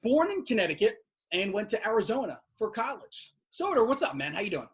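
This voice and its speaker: A male host with a notably high voice, running an online game show. He introduces his guests in an upbeat, announcer-like way and keeps things moving. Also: sing-song, brisk. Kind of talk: game show hosting over video call.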